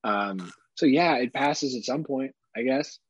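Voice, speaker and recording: A man co-hosting a podcast about fatherhood, talking candidly in casual chat, swearing freely and slipping into animated impressions. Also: medium pitch, measured pace, slightly rough, no echo, muffled recording. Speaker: podcast co-host.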